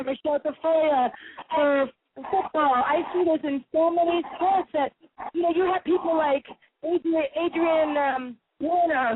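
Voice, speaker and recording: Woman radio co-host, high voice, lively and insistent, lo-fi phone-like sound. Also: a little hiss or hum. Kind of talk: radio talk show chat.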